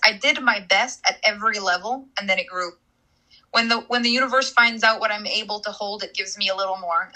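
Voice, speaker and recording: An emphatic woman coach hosting a live audio-room Q&A. Her voice is very bright and piercing, and she drives her points home by repeating phrases. Her pitch sits in the middle of the range. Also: rough recording.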